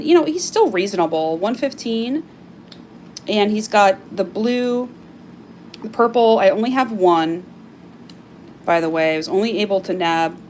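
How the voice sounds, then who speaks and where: Selling crystal carvings on a live stream, a woman chats casually and gushes as she shows off items, leaning on lots of fillers. Her voice is medium in pitch, with a little hiss or hum in the audio.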